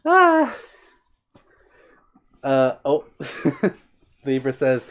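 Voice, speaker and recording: A man's voice: mid-range voice, animated, slow, long pauses, muffled recording. A man hosting a casual livestream, reading out viewer comments with a playful, giggly manner and brushing off compliments bashfully. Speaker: livestream host.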